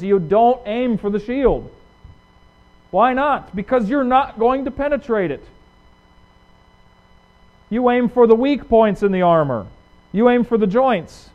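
Guy preaching a sermon, higher voice, punchy rhetorical questions, goes loud then quiet, kinda muffled recording. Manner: emphatic, rhetorical questions, swings from loud to hushed. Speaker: pastor. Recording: dull lo-fi recording.

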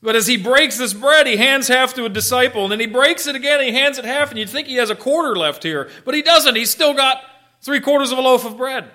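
High-voiced, bright preaching man. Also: fairly quick. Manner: animated preaching, swings from loud emphasis to soft near-whisper asides; conversational, asks the listeners questions and answers them. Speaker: pastor. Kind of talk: sermon.

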